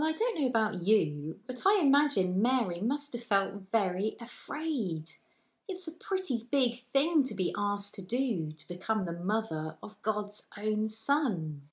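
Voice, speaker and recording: A woman vicar giving a gentle children's talk and telling a Bible story slowly. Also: mid-range voice. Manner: gentle, slow, storyteller's delivery.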